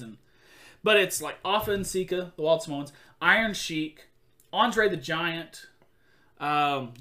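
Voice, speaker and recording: A man chatting casually as a podcast host, an animated storyteller who acts out quotes and laughs often. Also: on the high side. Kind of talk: casual chat.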